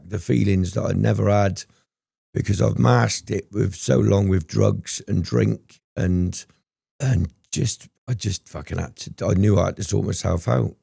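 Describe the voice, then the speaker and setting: Guy with a real gravelly low voice, rambly and sweary, ums a lot, dry room. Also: dark tone, no room sound. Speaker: guest. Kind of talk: candid storytelling interview.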